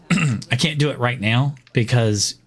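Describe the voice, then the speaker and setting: A man's voice: mid-range voice, slow pace, a little hiss or hum. A man from the American South with no Southern accent, casually rambling and chuckling as he chats during a game stream. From Southern United States. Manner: rambling, chuckles often, many fillers. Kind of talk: casual gaming stream chat.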